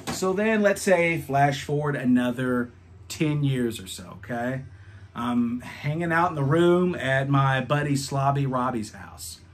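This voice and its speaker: A man's voice: medium pitch, lively intonation, unhurried. A man in his thirties reviewing albums, telling a rambling, profane story in a casual vlog.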